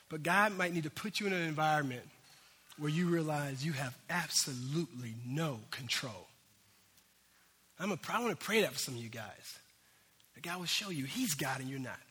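A man preaching a sermon as a pastor, telling a story in an animated way that swings between loud bursts and hushed moments. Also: a little high, slightly rough. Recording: hall reverb.

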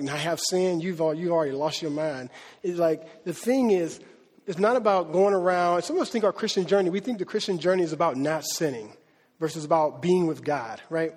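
A man's voice: on the high side, in a large hall. A man preaching a casual, conversational sermon, full of slang and acted-out voices for biblical characters. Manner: animated, acts out biblical characters in street slang.

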